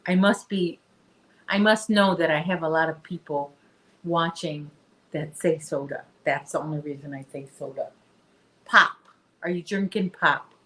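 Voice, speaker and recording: A woman's voice: low voice, normal speed, rough recording. A woman hosting a casual crochet livestream, rambling chattily to her viewers and her dog.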